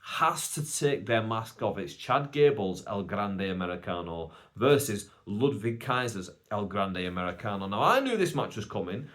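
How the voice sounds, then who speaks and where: A man's voice: on the low side, expressive, normal speed, hardly any pauses, fairly bright tone. A British man hosting a casual solo podcast, telling a long story in a chatty, rambling way with many asides. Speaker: podcast host.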